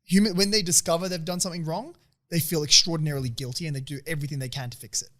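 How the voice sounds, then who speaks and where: Fast-talking young man, slightly high. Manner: quick, animated, swearing, argues his point with rhetorical questions. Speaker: podcast co-host. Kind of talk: casual chat.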